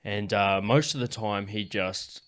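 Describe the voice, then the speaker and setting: Low-voiced Australian man, casual host. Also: a little slow. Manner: swears casually, storytelling. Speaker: podcast host. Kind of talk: casual chat.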